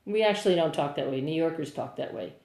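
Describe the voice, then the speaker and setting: A middle-aged singer-songwriter with a New Jersey accent answers viewers on a phone live stream, chatty, rambling and upbeat. Her deep voice is animated, quick, gravelly and a little mellow, with a roomy echo on the phone mic.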